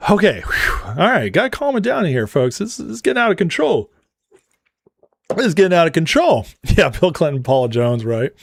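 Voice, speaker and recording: Livestream host, male, slightly high voice, dry close sound, chatty and laughing a lot. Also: huge pitch swings, normal speed, gravelly, long pauses, breathy edge, dry recording. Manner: laughs often, reads super chats aloud. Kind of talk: casual livestream commentary.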